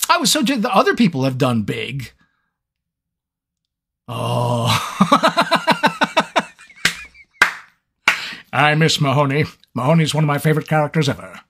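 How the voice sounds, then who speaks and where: A man's voice: medium pitch, creaky, fairly bright tone, breathy edge. A man, a voice actor, chatting casually with fans on a live Q&A, rambling and joking about his own scattered mind. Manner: rambling, scattered and self-mocking. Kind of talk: casual livestream chat. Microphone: seated at a microphone.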